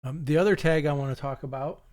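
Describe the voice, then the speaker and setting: A man's voice: a little high, steady tone, fast, a little mellow, slight background noise. A male teacher walking through a screen-recorded coding tutorial, explaining step by step in a plain, patient way with some ums.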